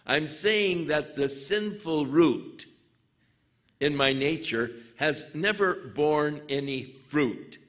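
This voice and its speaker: A man of ordinary pitch delivers a sermon at an unhurried, measured pace. He lets his voice rise sharply on points he wants to drive home. The recording is muffled and lo-fi. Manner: slow, deliberate preaching with sudden emphatic rises. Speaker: pastor. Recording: dull lo-fi recording.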